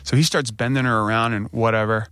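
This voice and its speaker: A man in his thirties, a podcast co-host, telling a candid story and jumping up in pitch when he quotes himself. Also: quick pace, clean tone, dry recording, clean studio sound. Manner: animated retelling, voice rising when quoting himself.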